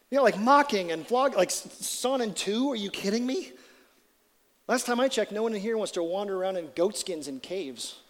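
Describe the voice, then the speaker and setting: A man with a fairly high voice preaches a sermon from the pulpit. He moves between casual, lively asides and slow, weighty scripture reading, and his voice rings with the long reverb of a big hall. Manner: conversational, animated preaching with dramatic scripture reading. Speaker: pastor.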